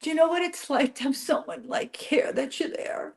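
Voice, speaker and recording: A middle-aged woman talks openly as a guest on a talk show. She is earnest and emotional, and she keeps her voice soft. Her pitch sits a little high for a woman. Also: normal speed, vocal fry. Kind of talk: candid talk-show chat.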